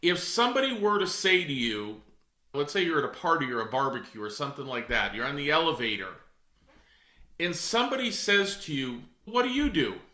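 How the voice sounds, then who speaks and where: A man's voice: medium pitch, very animated, brisk, pushed and bright, reverberant. A middle-aged man coaching real estate agents in a direct, emphatic way, calling his listeners folks. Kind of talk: coaching talk.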